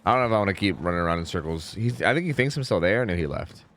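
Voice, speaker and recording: Male streamer, casual gameplay commentary, animated pitch, exasperated jokey asides, faint noise behind. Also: racing. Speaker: video game streamer.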